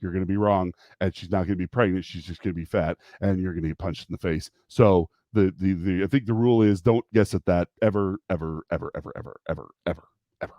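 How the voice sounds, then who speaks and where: A man's voice: low voice, steady tone, fast talker, few pauses, dark tone, dry recording. A man with kids hosting a casual livestream, rambling, restarting sentences and laughing often. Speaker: livestream host.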